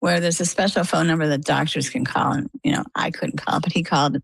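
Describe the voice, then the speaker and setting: A middle-aged woman from the United States, telling her story in a lively, conversational way as an interview guest. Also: low-pitched, fairly quick, vocal fry, breathy edge, dry recording, poor audio. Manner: animated, lively retelling.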